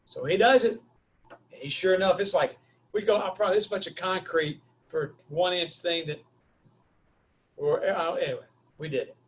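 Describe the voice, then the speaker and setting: A man's voice: high-pitched, normal speed, pauses often. A man giving a webinar talk, telling stories animatedly and acting out the dialogue. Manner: lively, acts out quoted dialogue, Southern "y'all". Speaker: webinar speaker.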